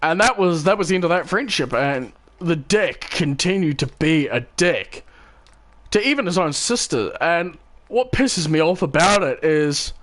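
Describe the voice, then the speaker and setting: A man's voice: fairly high pitch, expressive, measured pace, fairly bright tone. Rambling young New man. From New Zealand. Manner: rambling, restarts and swears, acts out quotes. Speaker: channel host. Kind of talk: casual storytelling while gaming.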